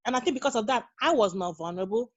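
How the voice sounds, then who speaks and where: A woman's voice: fairly high pitch, animated, racing, darkish tone, dry recording, lo-fi sound. A woman in her thirties, a guest on a podcast, talking earnestly and telling stories in a casual interview. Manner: earnest, storytelling, acts out quoted dialogue. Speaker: guest, nurse and mother.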